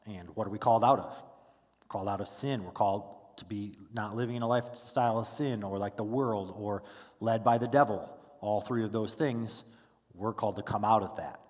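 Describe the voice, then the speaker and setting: Low-voiced male Bible teacher, casual and halting, asks the class questions. Reverberant hall sound. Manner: casual, with frequent fillers and restarts. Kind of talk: conversational Bible lesson. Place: church classroom.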